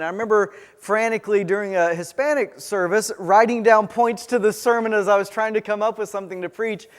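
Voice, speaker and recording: A man with a high voice preaches in a church sanctuary, and the sound hangs in a long reverb. He tells a personal story as his sermon, halting often and restarting his phrases. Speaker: pastor.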